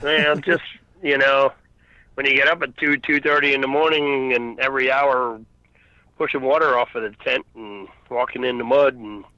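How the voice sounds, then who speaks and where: A man's voice: medium pitch, steady tone, normal speed, bright, forceful tone, no room sound. A laid-back man chatting casually as a regular guest on a radio show, giving brief replies. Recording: dry, dull lo-fi line.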